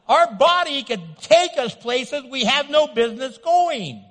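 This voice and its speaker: A man preaching a sermon as pastor, loud and animated, joking and acting out little scenes. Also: very high-pitched, unhurried, few pauses, long reverb tail. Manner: loud, animated, playful with acted asides. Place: church sanctuary.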